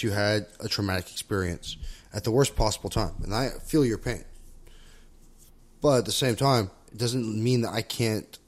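Low-voiced man talking things through. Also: a little mellow. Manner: reflective, circling, many restarts and "right?" tags. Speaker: podcast co-host. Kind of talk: casual conversation about relationships and therapy skills.

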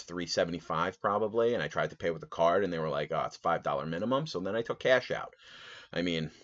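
A man hosting a podcast, telling a rambling, animated story in a casual monologue full of fillers. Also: deep voice, lo-fi sound. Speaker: podcast host.

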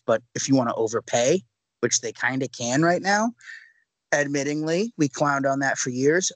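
A man co-hosting a sports podcast in casual chat, animated and ranting with rhetorical questions. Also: mid-range voice, dry recording, low-quality recording. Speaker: podcast co-host.

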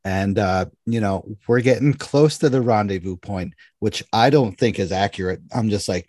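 A man with a fairly low voice tells a story in casual conversation. He jumps into the voices of the people in it as he goes. The sound is dry and close, with no room echo. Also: moderate pace, few pauses. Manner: animated, acts out dialogue in anecdotes.

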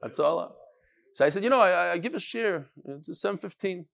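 A man giving a lively Torah class to a live group, telling stories and calling listeners up to the front. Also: high-pitched, brisk, gravelly. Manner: animated storyteller who calls listeners up to the front.

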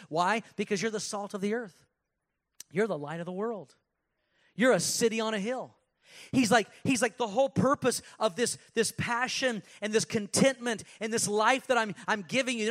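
Pastor, male, high voice, energetic sermon with casual asides.

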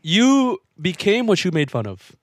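A man's voice: high voice, big pitch swings, a little slow, no room sound, studio quality. A young man co-hosting a podcast, teasing, swearing and laughing in casual chat. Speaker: podcast co-host.

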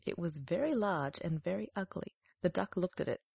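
Female storybook narrator, steady and measured, husky and gravelly. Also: on the low side, no echo. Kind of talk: storybook reading.

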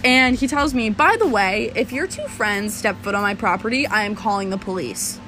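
A young woman telling a story in casual chat, animated and swearing as she talks. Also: mid-range voice, moderate pace, faint music behind. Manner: animated, swearing, laughing often.

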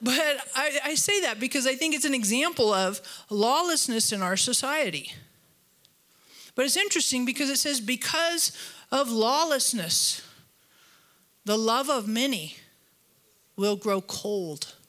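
Woman pastor, conversational sermon with funny asides, bright and slightly high voice. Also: a little slow, long pauses. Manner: chatty storytelling with humor and asides; animated, voice jumps higher when retelling conflict.

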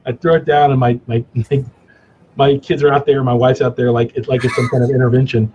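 A middle-aged man chatting casually as a guest, telling animated, self-mocking stories with lots of restarts. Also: medium pitch, a little fast, slight background noise, low-quality recording. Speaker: cigar company guest. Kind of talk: casual storytelling chat.

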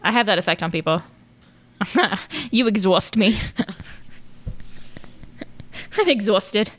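A woman's voice: mid-range voice, moderate pace. A woman co-hosting a podcast in casual chat, blunt and teasing, laughing often. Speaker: podcast co-host.

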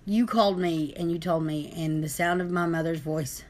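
A woman's voice: on the low side, normal speed, creaky, few pauses, a little mellow. A young adult woman talking in a casual chat, emotional and impassioned.

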